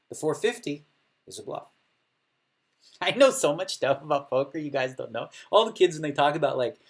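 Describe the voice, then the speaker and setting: A man's voice: a little high, lively intonation, moderate pace. A middle-aged man casually chatting while streaming poker, laughing often and acting out other players' table talk. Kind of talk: casual chat.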